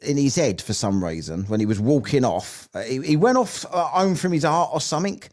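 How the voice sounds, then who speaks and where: An Englishman co-hosting a podcast, telling a story in a casual, sweary and animated comedic way. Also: medium pitch, fairly quick. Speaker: podcast co-host.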